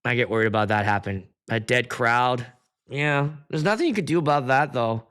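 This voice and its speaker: A man's voice: mid-range voice, a little fast, clear, resonant tone. A man hosting a casual livestream as a DJ, telling stories and acting out quotes from guests with plenty of swearing. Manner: animated storyteller who acts out quotes with swearing. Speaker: DJ and livestream host.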